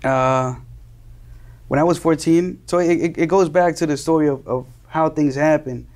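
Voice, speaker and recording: A man's voice: on the high side, fairly even intonation, normal speed, a little mellow. A young man from Colombia, a guest in an interview, earnestly telling his story and often repeating and restarting words as he searches for phrasing. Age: young adult.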